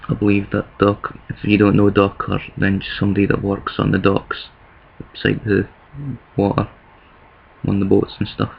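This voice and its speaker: A Scottish man talks in a casual video monologue, rambling and stopping to correct himself. His voice sits low and gravelly, with hardly any rise or fall. The sound is dull and lo-fi, like a cheap home setup. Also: monotone, moderate pace. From Scotland. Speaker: vlogger.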